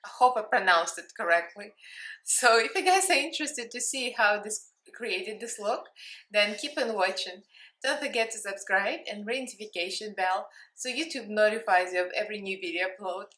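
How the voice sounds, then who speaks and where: A woman's voice: medium pitch, moderate pace, pushed and bright, reverberant. A woman in her thirties with a Russian accent, chatting playfully and giggling as she hosts her own makeup tutorial. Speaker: makeup vlogger. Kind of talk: casual makeup tutorial chat.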